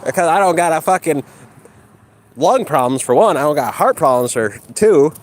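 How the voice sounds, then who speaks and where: Guy mouthing off mid workout outside, swears a ton, voice jumps all over, a bit high. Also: expressive, normal speed. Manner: profane, mocking, combative. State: exercising while talking. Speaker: livestreamer. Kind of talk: ranting outdoor livestream.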